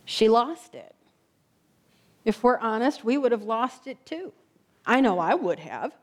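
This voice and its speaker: A woman preacher telling a story in a sermon, slowing down and dropping her voice soft for emphasis. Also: a little high, sing-song.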